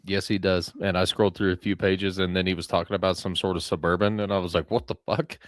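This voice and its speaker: A man's voice: low-pitched, level tone, fast talker, fairly bright tone, dry recording. A man co-hosting a casual podcast, talking loosely and swearing freely. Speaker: podcast co-host. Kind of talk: casual chat.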